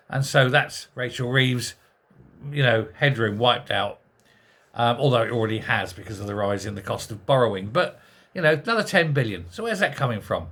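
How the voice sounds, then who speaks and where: A man delivering a sarcastic political rant, voice at a medium pitch. He talks in an exasperated way and keeps firing off rhetorical questions. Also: a bit bright, breathy edge. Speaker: political commentary host. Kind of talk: ranting monologue.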